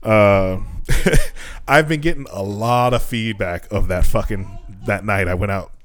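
A man co-hosting a podcast, telling stories in a casual, profane and animated way. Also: fairly low pitch, measured pace, no room sound. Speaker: podcast co-host. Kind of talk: casual chat. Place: Japan.

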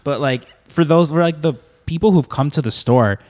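A man's voice: a little high, normal speed, a little mellow, big-room sound. A man telling a story in casual chat, hesitant and full of fillers.

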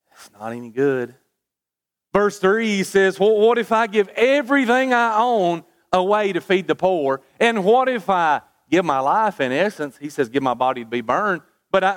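A man preaching a sermon, asking rhetorical questions with folksy asides and stammered restarts. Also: sits high.

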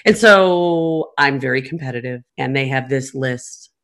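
A woman in her fifties hosting a podcast, telling stories in a lively, profane, joking way. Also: extremely low pitch, a little slow. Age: 50s. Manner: animated, profane, laughing storyteller. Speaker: podcast host. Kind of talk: casual storytelling chat.

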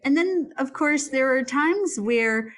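A woman in casual conversation, an animated storyteller who laughs often while recounting a book. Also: high-pitched, takes it slowly.

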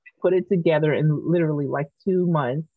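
A woman guest in a podcast interview, telling a lively story and acting out the voices of the people in it. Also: low-pitched, fairly quick. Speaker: guest, artist and activist. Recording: thin, phone-like sound.

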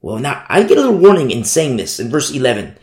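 A man's voice: medium pitch, wildly swooping pitch, fast talker, a little mellow, reverberant. A man preaching a verse-by-verse Bible study sermon, repeating phrases and asking rhetorical questions. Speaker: pastor. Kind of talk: expository Bible teaching sermon.

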